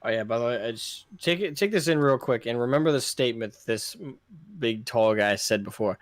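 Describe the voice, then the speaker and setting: Sarcastic man with a lively voice. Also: medium pitch, a little fast, dry recording. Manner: sarcastic, incredulous, swears often. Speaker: co-host reading a comic on a livestream. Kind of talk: casual livestream chat.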